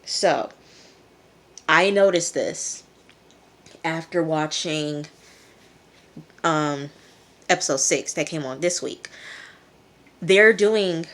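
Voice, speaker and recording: A woman's voice: deep voice, very slow, pauses often, fairly bright tone. A woman reviewing a TV episode in a casual vlog, chatty and loose, acting out characters' lines in a raised voice.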